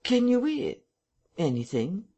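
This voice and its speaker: A man doing a slow rustic innkeeper. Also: sits high, wildly swooping pitch, warm tone, voice pushed up, exaggerated voice. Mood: puzzled. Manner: slow, blunt rustic speech.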